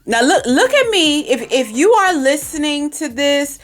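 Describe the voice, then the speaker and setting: Female podcast host, emphatic and direct, slightly high voice, faint music bed. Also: very animated, measured pace. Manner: direct, emphatic, repeats herself for stress. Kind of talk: casual parenting advice monologue. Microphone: recorded for podcast and video, facing camera.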